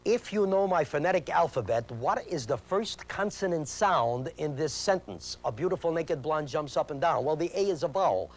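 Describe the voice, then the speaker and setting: An emphatic man leads a memory-training lesson on an old instructional video. His voice sits a bit high and swings up and down with lively intonation. He hammers on rules, repeats them, and challenges the viewer to work out answers. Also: normal speed, hardly any pauses. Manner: emphatic, repeats key points, quizzes the viewer. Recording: 1980s VHS instructional tape.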